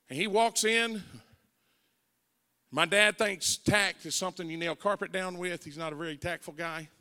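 Bright-voiced older preacher in a hall. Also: male voice, on the high side. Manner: folksy storytelling, building to shouted preaching. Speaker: evangelist preacher. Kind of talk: sermon testimony. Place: church sanctuary. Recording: long church hall reverb.

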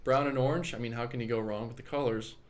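A man's voice: mid-range voice, fairly even intonation, fast talker. A man hosting a casual beer podcast, laid-back and enthusiastic, laughing often. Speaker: podcast host. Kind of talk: casual chat.

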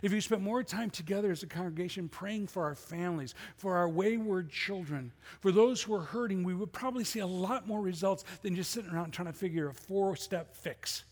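A man's voice: high voice, brisk, hardly any pauses, a little mellow, in a large hall. A middle-aged man preaching a sermon as pastor, conversational and full of rhetorical questions. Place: church sanctuary.

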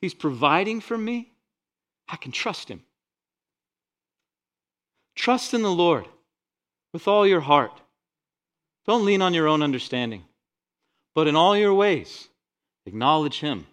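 Male pastor, slightly high voice, dynamic sermon delivery swinging between loud and soft. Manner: dynamic preaching, rising loud on scripture, dropping soft on asides.

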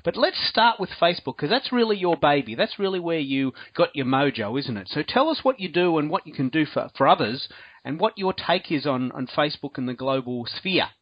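A man's voice: fairly high pitch, very animated, brisk, no echo. An enthusiastic, chatty man with an Australian accent, hosting a casual podcast chat. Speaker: podcast host. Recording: dull, dry lo-fi sound.

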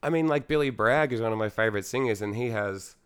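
A man's voice: medium pitch, fast talker, smooth. A young Australian man, a singer in a band, chatting casually in an interview, rambling with lots of fillers, swearing and laughing.

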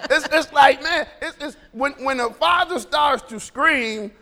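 A man preaching a sermon in a church, animated and joking, often laughing as he talks. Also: very high-pitched, a little slow, in a large hall. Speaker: pastor.

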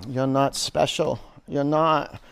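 In a studio, a man teaches a live yoga class, naming poses, counting down each hold, and ribbing his students with jokes. He talks slowly in a level, medium-pitched voice that is creaky yet clear and resonant.

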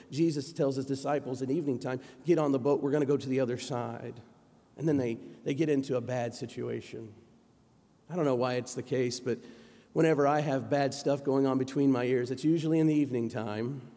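Male pastor, conversational sermon, mellow tone, long church reverb. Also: medium pitch. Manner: conversational storytelling preacher. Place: church sanctuary.

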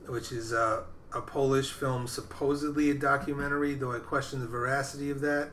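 A man's voice: mid-range voice, little pitch movement, brisk, a bit bright, roomy sound, a little hiss or hum. A man co-hosting a podcast, casually talking about movies in a rambling way that keeps restarting. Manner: rambling, self-interrupting. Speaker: podcast co-host. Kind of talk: casual film chat.

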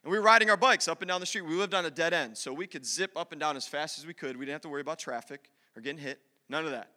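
A man preaching to a room, telling an animated personal story and acting out the voices of the people in it. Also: on the high side, very fast. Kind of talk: storytelling sermon. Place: large hall with an audience. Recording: long hall reverb.

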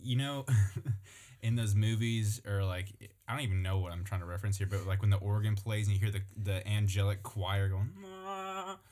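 A young man with a fairly low voice tells a casual story with real energy. He acts out what people said and breaks into laughs often. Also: fairly even intonation, normal speed, mellow. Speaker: co-host telling a story. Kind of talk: casual chat.

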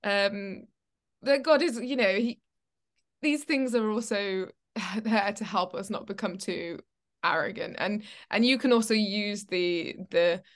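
Co-hosting a casual Christian chat podcast, this young woman talks at a measured pace in a medium-pitched voice. Her storytelling is lively, complete with acted-out reactions of her own.

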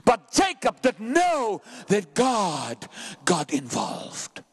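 A man preaching a sermon with passion, often shouting, racing through some phrases and drawing others out slowly. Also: high voice, huge pitch swings, breathy edge. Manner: impassioned, frequently shouting; swings between rapid bursts and slow drawn-out phrases.

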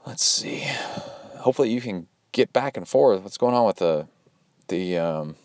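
With a lowish, darkish voice and lively intonation, this man talks at normal speed in a studio-quality recording without echo. He's a podcast host and triathlon coach reading listener donations in a casual chat. He rambles upbeatly, fills gaps with lots of fillers, and mimics watch beeps.

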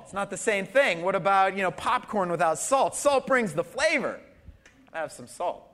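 Pastor, man, fairly high voice, lively sermon delivery with conversational asides to the congregation. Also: normal speed. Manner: animated, swings from loud emphasis to soft asides; conversational, with fillers and audience questions. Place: church service.

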